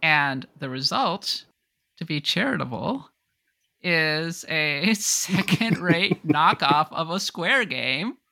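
A podcast co-host in a casual chat, giving wry, measured opinions. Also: mid-range voice, expressive, gravelly, sharp tone.

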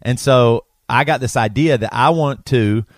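A man's voice: mid-range voice, a little slow, no room sound. A man with a South Carolina accent hosts a casual podcast. He rambles, corrects himself mid-sentence, and laughs easily. His voice sits mid-range and is recorded dry and close. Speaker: podcast host.

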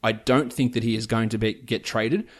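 A man's voice: lowish voice, steady tone, normal speed. A man hosting a fantasy basketball podcast, reeling off player stats and prices in a chatty, opinionated way. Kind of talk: casual podcast analysis.

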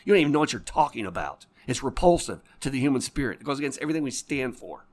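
A man's voice: mid-range voice, big pitch swings, fast talker. A man hosting a casual podcast conversation as an addiction counselor, swearing heavily as his passionate storytelling flares into angry rants. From lives in Florida.

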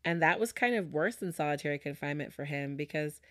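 A woman's voice: low voice, lively intonation, fast, dry recording, clean studio sound. A woman podcast host telling a story in a casual, conversational way, with many fillers. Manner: conversational, with frequent fillers and laughs.

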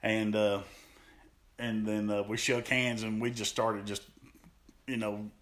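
A man's voice: on the low side, slow pace. A man, a pro wrestler, animatedly telling stories as a podcast guest and acting out what people said. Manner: animated, acts out quotes, laughs often. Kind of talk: storytelling in an interview.

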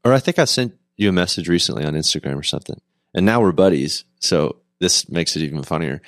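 A man hosts a casual podcast chat, laughing often and poking fun at himself. His voice sits low, and the sound is dry and close with no room around it. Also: fast, no room sound. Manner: laughs often, animated and self-deprecating. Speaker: podcast host.

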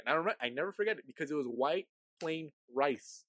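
A man talks fast and loose in a casual chat, swearing freely and acting out voices as he tells a story. The sound is dry and close, with no room around it. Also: mid-range voice, no echo. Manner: animated, swearing, acts out his parents and younger self.

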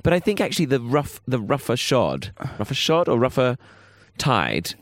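A man co-hosts a casual podcast. He teases dryly and hesitates often, and his pitch swings widely from low to high. His voice sounds dry and close to the mic. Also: huge pitch swings, moderate pace, dry recording. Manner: dry, teasing, wandering and hesitant. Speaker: podcast co-host. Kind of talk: casual chat.

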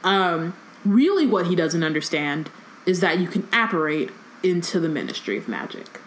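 A woman's voice: lowish voice, big pitch swings, moderate pace, slight background noise, low-quality recording. A woman reading a book passage aloud on a casual podcast, with plain reading and fillers between lines. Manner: reads quotes plainly with fillers.

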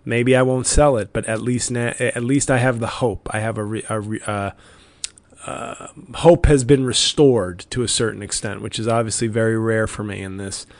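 A man's voice: lowish voice, fairly even intonation, moderate pace, vocal fry, no room sound. A man hosting his own comedy podcast, talking alone in a rambling, wry and self-deprecating way. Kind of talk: rambling solo podcast monologue.

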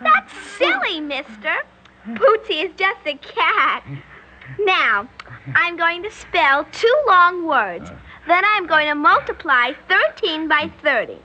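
A woman's voice: very high voice, dull audio, heavily acted. A creepy polite little girl. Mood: calmly sinister. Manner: sweet, prim and unhurried, chillingly calm. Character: eerie polite little girl, coldly menacing. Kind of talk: old-time radio drama acting. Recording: old radio broadcast, faint background hiss.

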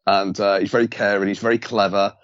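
A man's voice: lowish voice, little pitch movement, a little fast, no echo, muffled recording. A man with a Scouse accent chatting on a podcast, enthusiastic, stumbling over words as he starts. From Liverpool, England. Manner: enthusiastic, repeats words when starting sentences. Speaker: podcast co-host. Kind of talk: casual chat.

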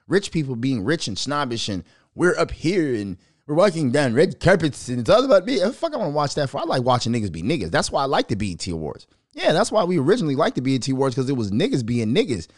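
A man hosting a podcast, ranting in a profane, animated, mocking way and laughing between remarks. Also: mid-range voice, no room sound, studio quality. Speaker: podcast host. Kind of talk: casual commentary rant.

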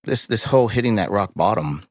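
A middle-aged man, a podcast guest, telling a painful personal story in a raw, halting way, swearing often and restarting his sentences. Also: lowish voice, lively intonation, no echo, studio quality.

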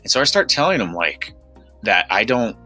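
An American man co-hosts a podcast, telling a story in a rambling, casual way full of fillers and restarts. His fairly low voice is sing-song with a sharp tone at a moderate pace, over soft background music.

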